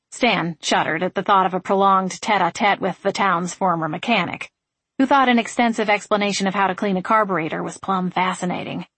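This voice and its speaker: A woman narrating an audiobook in an even, wry storytelling manner. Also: on the low side, brisk, breathy edge, dry recording.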